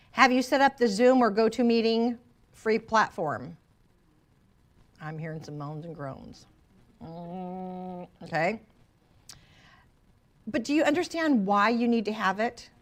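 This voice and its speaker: A woman's voice: mid-range voice, fairly bright tone. Lady running a real estate class, jokey and teasing, talking to a room of agents. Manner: playful, teasing asides to the class. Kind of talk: workshop presentation. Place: training room with a live audience.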